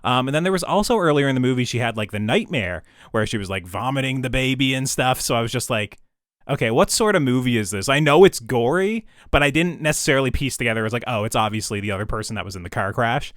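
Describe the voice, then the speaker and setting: A man's voice: mid-range voice, animated, quick pace, no echo, clean studio sound. A man co-hosting a podcast, rambling casually and laughing, sometimes dropping his voice. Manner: rambling, laughing, drops soft at times. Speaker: podcast co-host. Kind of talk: casual chat.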